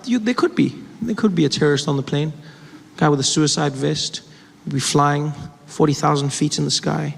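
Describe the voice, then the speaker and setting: High-voiced stand-up comedian, man. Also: moderate pace, gravelly, slightly rough. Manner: conversational, self-mocking, with stammered restarts. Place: stage before a live audience. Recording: reverberant live hall, laughing crowd, noise.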